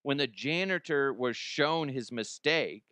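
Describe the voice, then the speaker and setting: Animated, sarcastic man riffing on news. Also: mid-range voice, unhurried, smooth, dry recording. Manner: animated, sarcastic, swears a lot, jumps into mocking voices. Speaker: comedy podcast host. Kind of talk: profane comedic news riffing.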